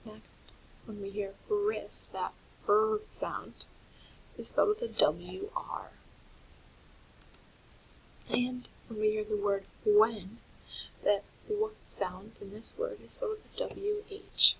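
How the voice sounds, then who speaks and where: A woman teacher walks young children through a phonics lesson in a patient, clear way. Her voice has a gravelly edge. The recording sounds dull and lo-fi, with a faint hiss underneath. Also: mid-range voice, expressive, takes it slowly, long pauses.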